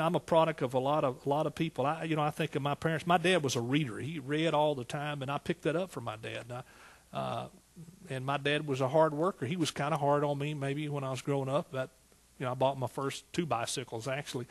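A man with an East Texas accent preaching a sermon in a folksy, animated way, full of rhetorical questions. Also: fairly high pitch. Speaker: pastor.

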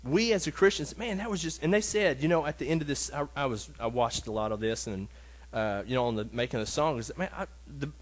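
A man with a medium-pitched voice teaches a casual Bible lesson, earnest and emotional, speaking haltingly with many restarts and fillers.

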